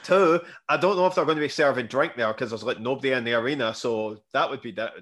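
Man, mid-pitched voice, casual podcast chat, teasing, swearing. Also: quick pace. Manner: joking, swearing, animated teasing. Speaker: podcast co-host.

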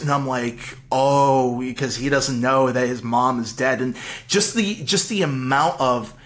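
A man co-hosting a casual movie podcast, talking excitedly with frequent stammered restarts. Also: medium pitch, a little slow. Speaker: podcast co-host. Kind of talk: casual movie review chat.

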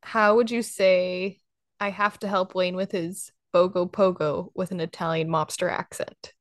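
A woman's voice: on the low side, fairly even intonation, no echo, clean studio sound. A young woman hosting a podcast, chatting casually and laughing often. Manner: giggly, chatty, quick laughs. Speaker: podcast host.

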